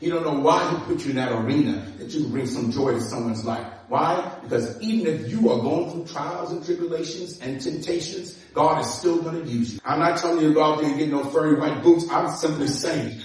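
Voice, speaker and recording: Ny pastor guy telling stories in his sermon, kinda high voice, big echo. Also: brisk, hardly any pauses. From New York. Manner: animated, acts out dialogue, laughs often. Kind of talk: sermon with storytelling. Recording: echoey room from far off.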